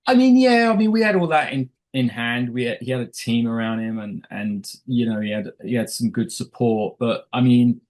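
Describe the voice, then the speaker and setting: A man's voice: mid-range voice, animated, normal speed, few pauses, a little mellow, poor audio. Rambling middle-aged male film director. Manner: rambling, many restarts and quoted asides. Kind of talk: casual interview chat.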